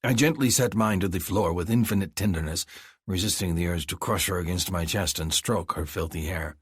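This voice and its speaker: A man giving gruff, measured first-person audiobook narration. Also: sits low, no echo, clean studio sound. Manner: gruff, measured, slow deliberate phrasing.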